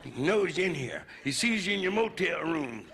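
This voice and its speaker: A gravelly American comedian working a club crowd with a brash, profane swagger. His pitch swings widely as he talks, sitting a touch higher than most men's. It comes through a hissy old 1970s live concert recording. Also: very animated, moderate pace. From United States. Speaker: stand-up comedian. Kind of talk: live stand-up routine.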